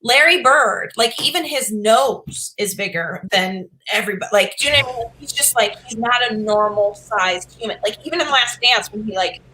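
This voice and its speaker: A woman's voice: on the high side, moderate pace, hardly any pauses, sharp tone, slight background noise, rough recording. A woman hosting a casual chat, playful and teasing as she asks questions. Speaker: host.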